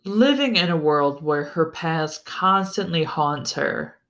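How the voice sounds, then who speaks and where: Solo book podcaster: unhurried delivery, mid-range voice, excitable and foul-mouthed, trips over words and restarts. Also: mid-range voice. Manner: enthusiastic, swears freely, stumbles and restarts. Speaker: podcast host reviewing a book series. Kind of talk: casual solo book-review chat.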